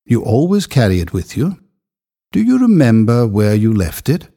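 A man voicing a stern church minister who lays out an accusation in a firm, husky voice. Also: medium pitch, huge pitch swings, normal speed, warm tone. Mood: accusing.

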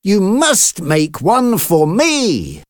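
A man doing an excitable high-voiced king. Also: no room sound, clean studio sound, exaggerated voice. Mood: eager. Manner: slow, emphatic, high-pitched exclamations. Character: excitable, eager male Moorish king. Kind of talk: storybook reading.

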